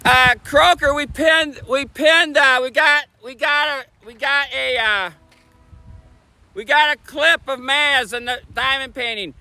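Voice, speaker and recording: A man with a Michigan accent chatting fast and casually on a livestream, sitting outdoors on a bench by a bridge. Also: extremely high pitch, pushed and bright, no room sound, rough recording. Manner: talks fast, chatty, laughs often. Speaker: streamer. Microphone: phone camera on a tripod.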